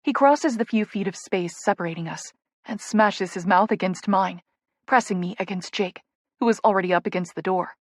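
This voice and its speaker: A woman's voice: mid-range voice, moderate pace, dry recording. Woman reading a spicy romance audiobook, playful and close, dry studio sound. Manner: intimate, playful. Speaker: audiobook narrator. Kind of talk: first-person romance narration.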